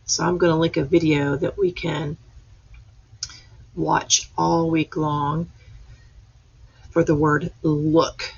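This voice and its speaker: Slow, gravelly-voiced woman reading to kids. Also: low voice, level tone, darkish tone, lo-fi sound. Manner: slow, patient, drawn-out word-by-word reading. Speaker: teacher. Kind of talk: reading lesson for young children.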